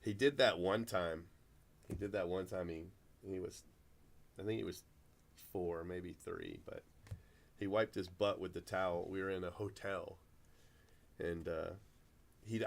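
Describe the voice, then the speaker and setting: A man's voice: low voice, creaky. A middle-aged man hosting a card break, chatting casually and telling rambling stories full of restarts. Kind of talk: casual chat while opening cards.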